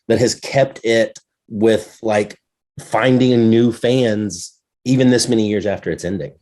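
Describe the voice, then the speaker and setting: A man hosting an interview over a video call, asking questions in a hesitant, halting way and repeating words. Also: lowish voice, fairly even intonation, a little mellow. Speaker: interview host. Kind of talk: casual interview chat.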